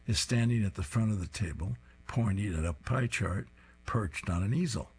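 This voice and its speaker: A man's voice: on the low side, normal speed, darkish tone, slightly rough. A man reading comic strips aloud, describing each panel in an amused way.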